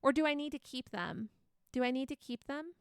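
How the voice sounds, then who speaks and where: A woman's voice: high-pitched, expressive, brisk, smooth, dry recording, studio quality. A young woman streaming a game live, chatting casually, reading chat aloud and laughing often.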